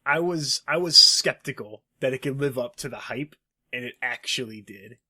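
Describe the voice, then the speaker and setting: Casting: man, podcast co-host, mid-pitched, bright tone, loose rambling delivery. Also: normal speed. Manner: rambling, hesitant, with fillers and swearing. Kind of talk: casual gaming podcast chat.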